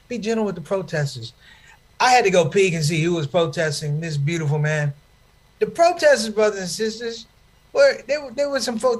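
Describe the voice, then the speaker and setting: A man doing stand-up comedy storytelling. He is animated and addresses the crowd in a preachy way. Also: sits high.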